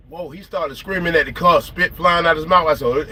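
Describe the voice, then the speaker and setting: A man's voice: on the high side, fairly quick, hardly any pauses. A man, telling stories in a slangy, emphatic way on a late-night trucking livestream. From South Carolina. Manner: animated, slangy, emphatic storytelling. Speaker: trucker vlogger.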